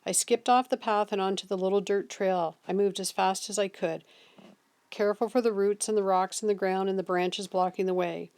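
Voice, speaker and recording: A woman reading a novel aloud in steady first-person narration. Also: mid-range voice. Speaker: reader.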